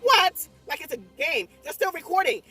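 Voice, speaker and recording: A young adult woman recapping a horror movie in a casual, rambling way, animated and swearing constantly as she exclaims through the story. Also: mid-range voice, fairly quick, breathy edge, far from the mic. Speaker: movie reviewer. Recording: voice a bit off-mic, faint music behind.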